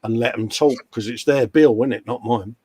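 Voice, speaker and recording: A man's voice: medium pitch, normal speed, warm tone, slightly rough, no room sound. A man co-hosting a live stream, chatting casually and joking as he reads out viewer comments. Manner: jokey, banter-filled, reads chat messages aloud. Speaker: co-host of a live model-building stream.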